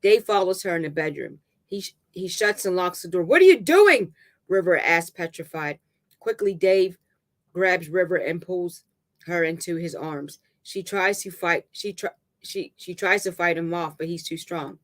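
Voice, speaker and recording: A storyteller reading a dramatic novel aloud in a steady middle pitch, sometimes tripping over a word and starting again. The delivery is plain and unpolished. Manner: halting reading with restarts and stumbles. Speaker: narrator.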